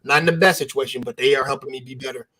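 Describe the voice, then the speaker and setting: A man's voice: medium pitch, racing, sharp tone. A man on a podcast panel speaking bluntly and profanely, rambling through his points. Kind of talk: casual panel chat.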